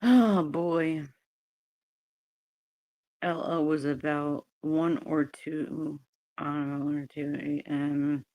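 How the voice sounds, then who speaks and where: A woman's voice: low voice, fairly even intonation, slow pace, pauses often, dark tone. A woman hosting a casual livestream, chatting with viewers and her dogs, swearing often and breaking into laughter. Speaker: livestream host.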